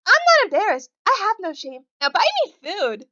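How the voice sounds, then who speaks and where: A woman's voice: very high-pitched, huge pitch swings, moderate pace, pushed and bright, no room sound, lo-fi sound, pitched above the performer's own voice, exaggerated voice. A woman voicing a prickly, sarcastic young woman in a visual novel, snappy and indignant. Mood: shameless. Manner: snappy, indignant, mock-dramatic.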